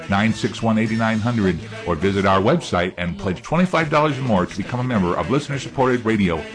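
Male radio announcer over music. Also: on the low side. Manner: steady, formal read with numbers spelled out slowly. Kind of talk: scripted pledge-drive announcement.

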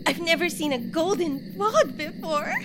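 A woman's voice: extremely high pitch, expressive, measured pace, very noisy. An actress playing a playful, teasing young woman investigating a burned town.

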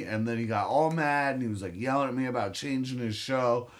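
A man's voice: medium pitch, lively intonation, a little fast. A young man co-hosting a podcast, telling a profane, rambling story in a casual chat. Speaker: podcast co-host.

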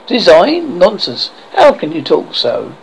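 A reader voicing an excitable, fussy middle-aged mother who talks insistently. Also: medium pitch, unhurried, creaky, slight background noise, heavily acted, poor audio. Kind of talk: audiobook character reading.

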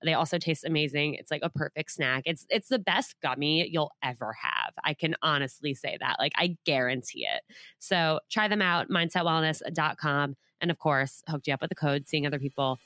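Woman, podcast host, deep voice, crisp bright tone, upbeat, chatty. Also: no echo, clean studio sound. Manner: upbeat, chatty, lots of quick agreement. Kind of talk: casual podcast chat with ad read.

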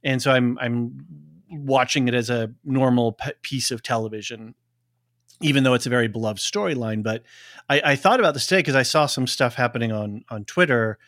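A man's voice: medium pitch, fairly quick, fairly bright tone, dry recording, clean studio sound. A man co-hosting a casual podcast chat, talking in a rambling way with many restarts. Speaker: podcast co-host.

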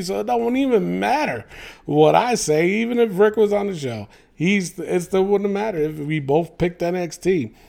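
Man, podcast host, opinionated rant, warm mellow tone, slightly high voice. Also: gravelly. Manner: opinionated, animated, swearing, many fillers. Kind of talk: solo wrestling podcast rant.

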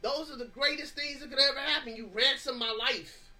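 A man's voice: extremely high pitch, brisk, sharp tone. A married man, the show's host, giving a fervent, preacherly testimony with rising and falling emphasis. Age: adult, married. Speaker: podcast host.

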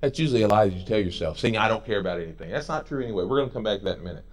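A middle-aged man preaching a sermon as pastor in a church, animated and jokey, with quoted voices and bits of song. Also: lowish voice, very fast. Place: church sanctuary.

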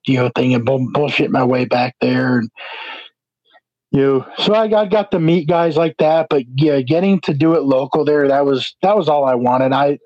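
A man's voice: mid-range voice, a little mellow, no echo. A man from New Jersey, an independent wrestler, chatting casually as an interview guest and rambling with many "you know" fillers. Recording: dull lo-fi, dry sound.

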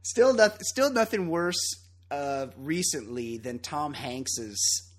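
A man co-hosting a casual podcast, with a husky, slightly breathy voice. He talks loud and opinionated, swears freely and laughs often between points. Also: on the high side, lively intonation, slow pace. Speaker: podcast co-host.

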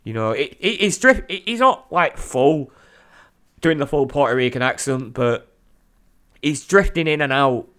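A man co-hosting a casual podcast, excitable, laughing often and swearing freely. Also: medium pitch, measured pace. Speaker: podcast co-host.

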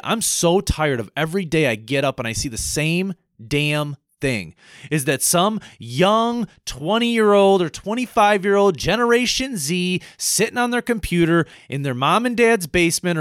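A man's voice: a little high, fairly bright tone, no room sound, clean studio sound. An American man giving a heated, impassioned political rant, repeating himself and calling his listeners folks. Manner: heated, repetitive, addresses audience as folks. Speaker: political commentator.

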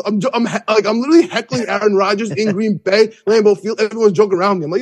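A young man hosting a podcast, telling an excited, rambling story with many restarts. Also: high-pitched, very fast, few pauses. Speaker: podcast host. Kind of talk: excited casual recap.

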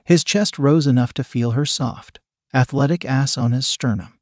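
A man narrating a scripted story in a measured, steady reading manner. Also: mid-range voice, no echo, studio quality.

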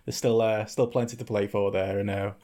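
A man's voice: lowish voice, level tone, brisk, mellow. Laughing man hosting a podcast. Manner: laughs often, leads the talk. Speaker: podcast host. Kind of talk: casual chat.

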